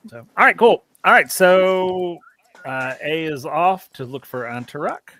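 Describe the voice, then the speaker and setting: A man running a tabletop game as game master, chatty and loose, laughing often and filling pauses. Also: on the high side, expressive, bright, forceful tone, a little hiss or hum. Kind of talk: narrating a tabletop game over a live stream.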